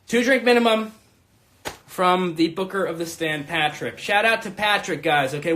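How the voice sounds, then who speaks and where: A man in his thirties hosts a comedy live stream from his room, speaking in a high, bright voice. He is brash and crude, rambling between loud bursts and low mutters. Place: home room.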